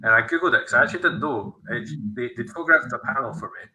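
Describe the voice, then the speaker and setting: A man's voice: medium pitch, fast talker, bright, forceful tone, low-quality recording. A man hosting a podcast, chatting casually and rambling through stories with many fillers and restarts. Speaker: podcast host. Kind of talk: casual chat.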